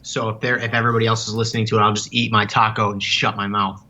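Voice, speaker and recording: A man's voice: lowish voice, level tone, fast talker, pushed and bright, highs cut off. A man joining a livestream over a video call, joking and self-deprecating in casual chat. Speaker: guest co-host.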